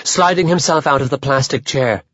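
A man narrating a literary audiobook in a measured, even manner. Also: mid-range voice, no echo. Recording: dull lo-fi dry audio.

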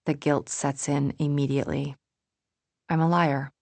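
A woman's voice: low voice, little pitch movement, unhurried, creaky, a little mellow, dry recording. A young adult woman narrating a novel in the first person, with a wry, introspective manner into a close studio mic. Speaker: audiobook narrator.

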